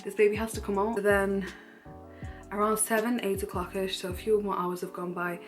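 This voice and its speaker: A young woman, candidly retelling a personal story in a casual vlog, animated and full of fillers. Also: medium pitch, fairly quick, soft background music. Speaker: vlogger.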